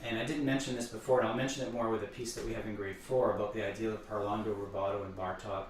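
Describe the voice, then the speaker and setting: A man explaining piano music as a teacher, thoughtful and unhurried, sometimes stumbling over repeated words. He sits back from the mic, so his voice carries a strong room echo with a faint hum behind it. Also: fairly low pitch, little pitch movement. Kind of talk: explaining piano repertoire between playing. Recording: echoey room, voice far from the mic.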